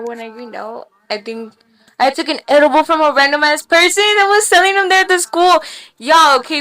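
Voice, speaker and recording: A young woman on a casual podcast, telling stories in an animated, slangy way with plenty of swearing and laughter. Her voice is bright and pitched a little high. She talks into a podcast mic in a small room. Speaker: podcast guest. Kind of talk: casual storytelling.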